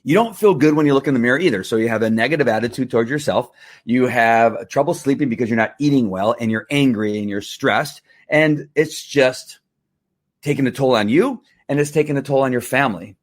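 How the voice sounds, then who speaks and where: A middle-aged man talking casually to camera in a testimonial vlog, animated and full of restarts and fillers. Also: mid-range voice, a little fast. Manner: animated, acts out angry outbursts, many fillers and restarts. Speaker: vlogger selling wellness products.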